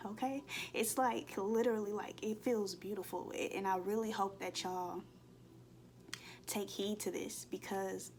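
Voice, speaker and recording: There's slight background noise along with soft music as a woman reads spiritual cards for her audience in a collective, tarot-like session. Her mid-range voice keeps a measured pace; she's heartfelt and expressive, performs inner voices, and often checks in with "okay?".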